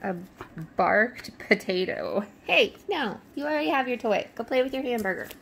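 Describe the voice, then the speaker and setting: A young woman with a high, bouncy voice that rises and falls a lot, talking at an unhurried pace. She laughs easily and scolds her dog between reading out the product labels. The home recording carries a steady, noticeable background hiss. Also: vocal fry. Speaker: vlogger unboxing a dog toy box. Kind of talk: casual unboxing chat.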